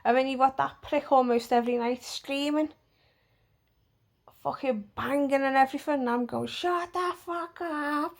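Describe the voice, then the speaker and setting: A woman's voice: sits high, fairly even intonation, moderate pace, creaky, long pauses, darkish tone. A woman telling a storytime vlog bluntly, with plenty of swearing. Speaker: vlogger.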